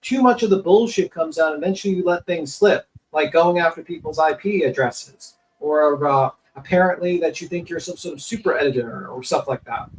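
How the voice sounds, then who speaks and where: A man's voice: fairly high pitch, moderate pace, hardly any pauses, recorded from a distance, rough recording. A man on a livestream panel giving blunt, exasperated commentary. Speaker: panel guest.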